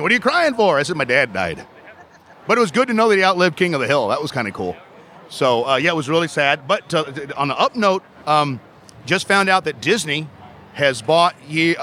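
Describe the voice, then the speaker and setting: Animated joking man at a convention booth. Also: on the high side, a little hiss or hum. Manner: loud, teasing, theatrical outbursts. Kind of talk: joking banter selling at a booth. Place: busy convention floor.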